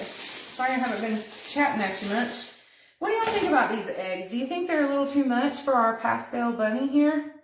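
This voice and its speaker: Woman hosting a live craft demo, giggly and chatty, lively pitch, roomy kitchen echo. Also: moderate pace. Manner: chatty, giggly, thinking aloud while working. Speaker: craft tutorial host. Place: her kitchen, indoors. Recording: echoey kitchen, mic at a distance.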